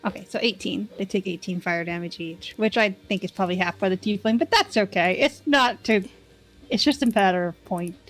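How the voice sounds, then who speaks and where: A woman's voice: mid-range voice, a little fast, a bit bright, soft background music. A woman playing a tabletop game, describing her actions in a matter-of-fact way. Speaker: player.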